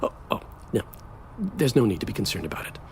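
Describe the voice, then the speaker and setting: An actor playing a flamboyant, bitter groom on his wedding day, melodramatic and sardonic, swinging between slow drawls and sudden outbursts. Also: lowish voice, wildly swooping pitch, a little mellow, slight background noise. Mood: theatrical. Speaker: actor in a stage play. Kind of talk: theatrical stage acting.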